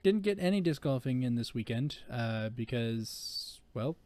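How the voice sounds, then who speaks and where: A man's voice: medium pitch, lively intonation, a little slow, a little mellow, no echo. A man co-hosting a podcast in casual chat, joking, laughing often and rambling with fillers. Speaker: podcast co-host.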